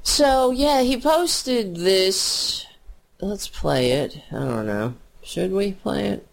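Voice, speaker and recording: A man's voice: sits high, lively intonation, slow, gravelly. A man ranting at length about politics, angry, mocking and profane, as a solo commentator.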